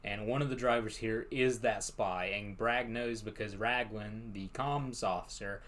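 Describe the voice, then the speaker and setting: Laid-back young man with a low voice. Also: fairly even intonation, a little slow, fairly bright tone. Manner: laid-back, laughs often, plenty of fillers. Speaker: podcast co-host. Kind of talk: casual book discussion.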